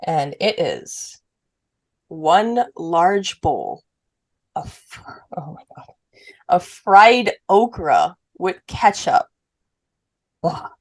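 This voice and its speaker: A woman from Puerto Rico chats on a podcast in a somewhat low voice. She reads out lists at an easy pace, then bursts into quick, animated asides. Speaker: podcast co-host. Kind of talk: casual chat.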